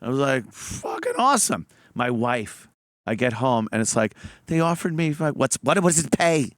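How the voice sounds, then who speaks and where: A man's voice: mid-range voice, moderate pace, no room sound, clean studio sound. A middle-aged man telling profane stories in a casual chat, acting out the quotes in them. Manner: profane, animated, acts out quotes. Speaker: comedian guest telling stories.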